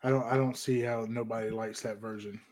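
A man's voice: mid-range voice, flat delivery, a little fast, darkish tone. A man co-hosting a podcast, bantering and laughing easily in casual chat. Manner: giggly, joking banter. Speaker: podcast co-host.

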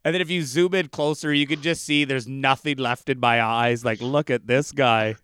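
A man's voice: mid-range voice, little pitch movement, moderate pace, fairly bright tone, smooth, no echo. A man, a comedian telling a rambling road story in casual chat, full of restarts. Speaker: comedian guest.

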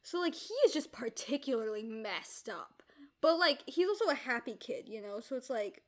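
A young woman in an easygoing book discussion. Her voice is high. She offers blunt, opinionated reads of the characters, padded with casual fillers. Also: animated, normal speed. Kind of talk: casual chat.

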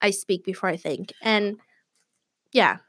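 A woman's voice: medium pitch, measured pace, a bit bright, dry recording, clean studio sound. A young woman in casual chat on a podcast, giggly and chatty with lots of "like".

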